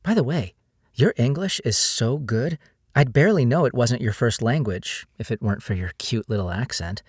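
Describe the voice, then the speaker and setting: A man's voice: medium pitch, expressive, normal speed, slightly rough, no room sound, clean studio sound. A man voicing a bubbly, playful young woman who teases as she talks, read in an audiobook.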